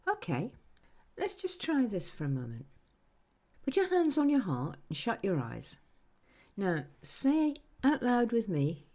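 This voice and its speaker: Woman, unhurried self-help speaker, dark mellow tone, animated pitch. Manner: speaks to the listener directly, acts out other people's remarks. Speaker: author giving a self-help talk. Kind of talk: reflective motivational monologue.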